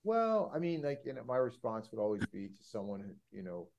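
A middle-aged man, a priest, jumping in quickly on a podcast with lots of fillers, sitting back from the mic. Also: fairly low pitch, sing-song, darkish tone. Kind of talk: casual podcast discussion. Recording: dull lo-fi sound, off-mic.

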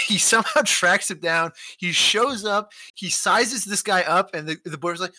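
A man co-hosting a casual movie podcast, animated and laughing as he acts out scenes. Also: high-pitched, dry recording. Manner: animated, laughing, acting out scenes in quick voices. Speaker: podcast co-host. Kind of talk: casual movie-discussion chat.

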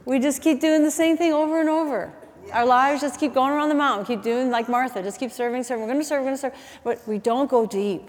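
A middle-aged woman delivers a sermon in a somewhat high voice, chatty and animated, full of asides and self-corrections. Her voice carries the long reverb of a large church hall. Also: fast. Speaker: preacher. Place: church auditorium.

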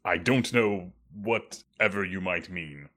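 A man's voice: low voice, slow pace, fairly bright tone, exaggerated voice. A man doing a coy disguised sailor.

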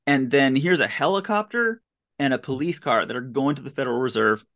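This podcast host has a medium-pitched, fairly bright voice and talks fairly quickly. He recaps a bad movie in a casual, comedic way, giving baffled, sarcastic play-by-play and incredulous running commentary.

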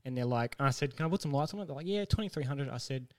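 A man co-hosting a casual podcast, telling a story with lively acted-out quotes and frequent laughter. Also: mid-range voice, racing. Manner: animated storyteller, acts out quotes, laughs often. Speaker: podcast co-host.

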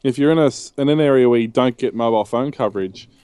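A man's voice: mid-range voice, fast talker, dark tone, clean tone, dry recording. An Australian man co-hosting a casual chat, telling rambling anecdotes full of ums and restarts. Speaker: co-host.

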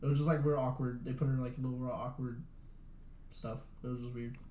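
A man's voice: mid-range voice, level tone, fast talker, dark tone. A young man chatting casually as co-host. He rambles, fills his speech with "like" and swears freely. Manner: rambling, swears a lot, says "like" often. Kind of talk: casual chat. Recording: roomy echo.

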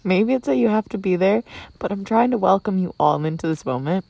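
A young woman from Minnesota chats to her camera from inside a tent, rambling through a story with plenty of "like" and "um" and frequent giggles. Her voice has a gravelly, husky edge, and the sound is close and dry. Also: medium pitch, animated, fairly quick, mellow, no echo. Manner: chatty, giggly, lots of "like" and "um". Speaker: vlogger. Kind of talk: casual storytelling vlog. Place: inside a tent outdoors at night. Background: crickets.

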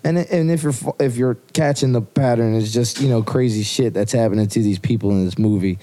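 A man's voice: mid-range voice, fairly quick, mellow, slight background noise. A man co-hosting a podcast in casual, rambling chat, swearing freely. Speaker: podcast co-host.

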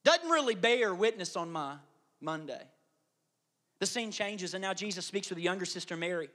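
A man pastor delivering an animated sermon, dropping to hushed asides and rising to loud emphasis. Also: high voice, moderate pace.

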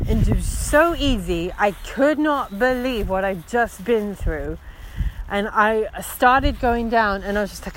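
A woman hiker recounts a frightening hike in an unhurried, emotional way that is full of fillers. She was recorded on a phone outdoors, with clear background noise behind her voice. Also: mid-range voice. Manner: emotional, breathless retelling with many fillers. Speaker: long-distance hiker. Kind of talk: personal storytelling recording.

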